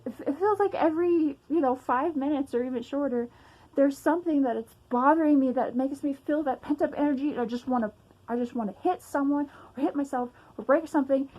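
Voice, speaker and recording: A young woman vents in a casual personal rant, her voice pitched a little high. She sounds agitated and emphatic, sighing often and swearing as she goes, recorded at home. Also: a little fast, dark tone, low-quality recording. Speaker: vlogger.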